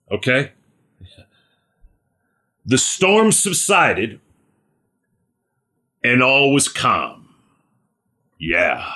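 A male preacher delivers an informal sermon at an unhurried pace, in a bright, forceful voice. He keeps checking in with "right?" and speaks to listeners by name. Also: mid-range voice. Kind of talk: conversational sermon.

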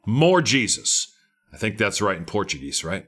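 A man's voice: on the low side, animated, moderate pace, fairly bright tone. A middle-aged man preaching a sermon, fervent and emphatic, with lots of repetition.

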